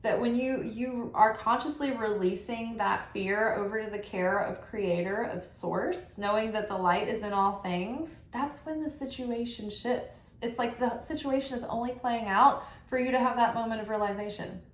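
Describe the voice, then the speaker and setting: A woman giving a casual spiritual tarot reading, animated and chatty, full of affirmations and frequent "like". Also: a little high, moderate pace, few pauses. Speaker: tarot reader. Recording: roomy echo.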